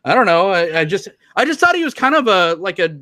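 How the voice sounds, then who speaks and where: Guy cohosting a film podcast, kinda high, crisp sharp voice, dry close sound, rambles and jokes. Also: very animated, fairly quick, no room sound. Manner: rambling, self-interrupting and joking. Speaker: podcast co-host. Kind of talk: casual chat.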